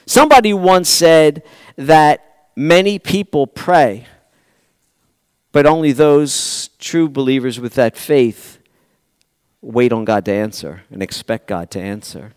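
A man preaching a sermon, swinging between loud pleading lines and quiet, hushed asides to the congregation. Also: mid-range voice, expressive, slow, smooth, no room sound. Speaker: pastor.

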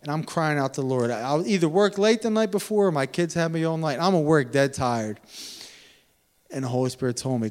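A man preaching a sermon in a lively, animated way, swinging between loud emphatic bursts and quiet asides. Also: on the high side, moderate pace. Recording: long hall reverb.

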